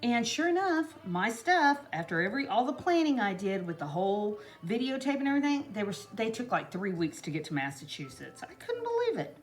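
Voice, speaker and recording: A woman's voice: mid-range voice, very animated, brisk, hardly any pauses, faint music behind. A woman chatting casually and rambling through a home DIY tutorial, full of asides to her viewers. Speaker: craft vlogger. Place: home kitchen.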